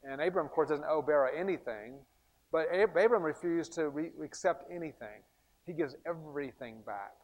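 A man teaching a recorded series on scripture in an animated, emphatic way, often restarting his sentences. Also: on the high side, moderate pace, long reverb tail, dull audio. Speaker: bible teacher.

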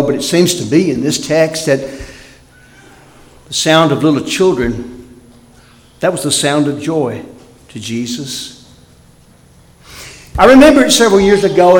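Man preaching, bright-pitched and highly animated, big loud-to-hushed swings, roomy reverberant church sound. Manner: animated preaching, swings from loud emphasis to near-whispered lows. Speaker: pastor. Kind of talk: sermon.

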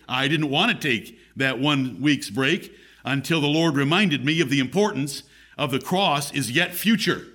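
A man's voice: on the high side, a bit bright. A man preaching a sermon as pastor in a church, emphatic, his voice rising and falling.

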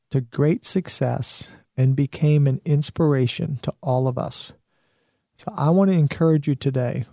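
Earnest encouraging man, mellow voice. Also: on the high side, gravelly, no echo, studio quality. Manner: earnest, encouraging, with fillers and restarts. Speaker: show host. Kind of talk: motivational talk.

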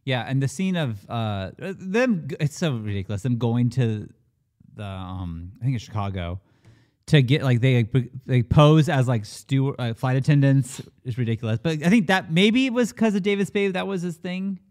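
A man's voice: mid-range voice, normal speed, darkish tone. A man chatting casually on a movie podcast, rambling through his thoughts and backing others up with short agreements. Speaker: podcast co-host.

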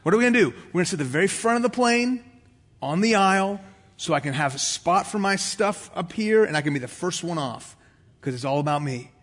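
A man with a notably high voice preaches to his congregation, slipping into little acted voices as he tells an everyday story. His words ring out with a long reverb, as in a large church hall. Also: animated, fairly quick, a bit bright. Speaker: pastor. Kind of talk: sermon.

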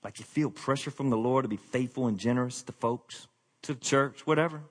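Casual pastor preaching. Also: male voice, mid-range voice, fairly quick. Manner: candid, self-deprecating, drops to a quiet confessional tone. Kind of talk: conversational sermon.

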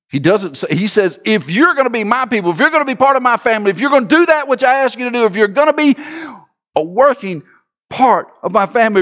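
Man, pastor, high voice, emphatic sermon, loud then hushed, muffled lo-fi sound. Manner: preaching with swings from loud to hushed.

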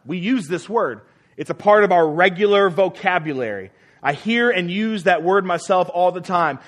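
Emphatic higher-voiced male pastor preaching. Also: a bit bright. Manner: emphatic, repeats key phrases for stress; addresses the congregation with questions. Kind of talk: sermon.

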